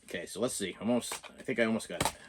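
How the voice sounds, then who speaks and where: A man's voice: fairly low pitch, rapid-fire, noisy background. A man with a Boston accent chatting casually through an unboxing, rambling and self-deprecating, with frequent restarts. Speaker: collector vlogger.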